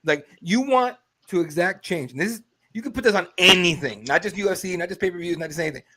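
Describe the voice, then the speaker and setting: A man's voice: high-pitched, animated, fast talker, pushed and bright. A man co-hosting a sports podcast, laughing and telling stories with casual swearing. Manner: laughing, storytelling, profane. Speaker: podcast co-host.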